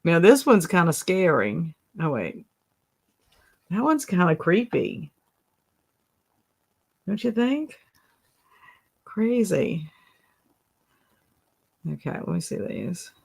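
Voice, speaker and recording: Giggly woman hosting a slow chat. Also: lowish voice, sing-song, gravelly, darkish tone, breathy edge. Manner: giggly, exclaims often, reads chat comments. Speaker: livestream host. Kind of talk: casual livestream chat.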